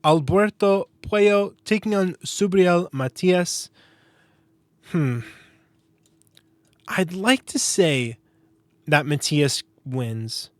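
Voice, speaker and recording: A man with a slightly raised pitch talks through his predictions in a casual, opinionated way, sliding into wry sarcasm. The sound is dry and close, with no room around it. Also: no echo. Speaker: boxing podcast host.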